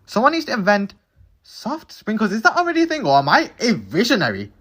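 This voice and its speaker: A man's voice: high voice, huge pitch swings, brisk, fairly bright tone. A young man narrating his own cooking videos in a casual, playful way, cracking self-mocking jokes as he goes.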